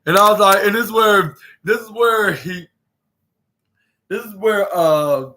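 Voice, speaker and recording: Bright-voiced man rambling through a wrestling recap. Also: high voice, unhurried. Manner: rambling, many fillers and restarts, acts out quotes. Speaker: podcast host. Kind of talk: casual wrestling show recap.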